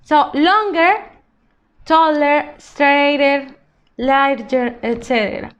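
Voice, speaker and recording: Woman, English teacher; high voice, unhurried, models words slowly for children. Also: a bit bright, lo-fi sound. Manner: slow and patient, drawing out example words. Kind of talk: recorded grammar lesson for children.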